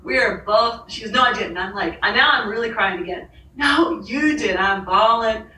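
A woman with a bright, forceful voice tells a lively personal story, laughing often and putting on the voices of the people she quotes. She sits a little back from the mic in an echoey room, with faint ambience behind her. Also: medium pitch, fairly quick, far from the mic, a little hiss or hum. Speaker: author and podcast guest. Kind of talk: storytelling in a conversation.

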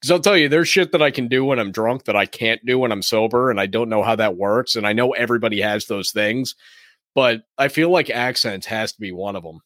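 A young man co-hosts a podcast in relaxed, teasing conversation. His voice sits mid-range and sounds dry and close to the mic. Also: mid-range voice, a little fast, no room sound. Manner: easygoing, teasing banter. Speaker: podcast co-host. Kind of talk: casual chat.

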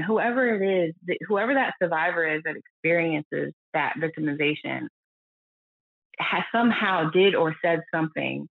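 Speaking candidly as a podcast guest, an earnest, reflective woman from the United States often quotes others in a lowered voice. The recording is dry, with phone-like lo-fi audio.

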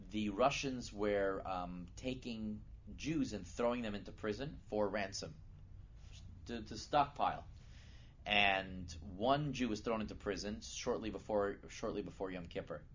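A man giving a sermon as a lively storyteller who builds to loud, emphatic peaks. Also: on the low side. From United States. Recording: dull lo-fi recording with faint noise.

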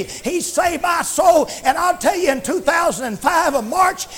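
A man's voice: very high voice, a bit bright. A male preacher delivering a fervent sermon in a church, breaking into frequent praise interjections.

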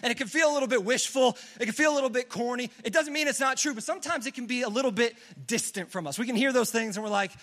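A young adult man, a youth pastor, preaching a casual, energetic sermon to teenagers and leading call-and-response. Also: extremely high pitch, fast talker, few pauses.

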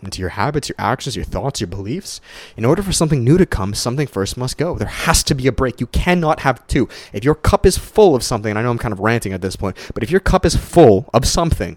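A young man talks straight into a close microphone, recorded dry with no room sound. His speaking voice sits in a middle pitch, loose and profane, full of restarts and sudden jumps upward when he gets fired up. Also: no room sound. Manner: casual, heavy swearing, repeats and restarts, animated swings in pitch. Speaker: podcast host. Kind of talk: solo motivational podcast monologue.

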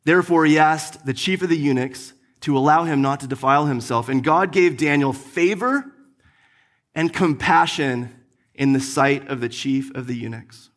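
Animated young man preaching a story. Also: fairly high pitch, normal speed. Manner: animated storytelling, acts out his own frustration. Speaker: pastor. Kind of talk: sermon with personal story.

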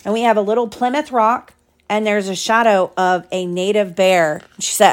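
A mother reading a picture book aloud to her young children, gentle and chatty, stopping to explain the pictures. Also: medium pitch, steady tone, normal speed.

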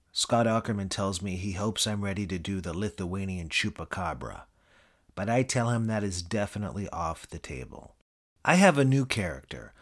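A man narrating a comic memoir in a dry, deadpan scripted delivery. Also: on the low side. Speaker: audiobook narrator.

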